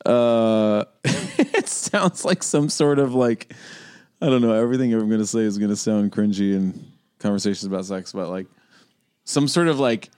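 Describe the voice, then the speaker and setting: A man co-hosting a podcast in casual conversation, animated and quick to laugh at himself. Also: on the low side, clean tone. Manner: animated, laughs often, jokey. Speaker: podcast co-host.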